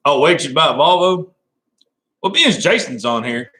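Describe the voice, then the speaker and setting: A man's voice: a little high, lively intonation, normal speed, pushed and bright, slight background noise, poor audio. A man hosting a casual live stream, rambling and laughing as he talks to viewers by name.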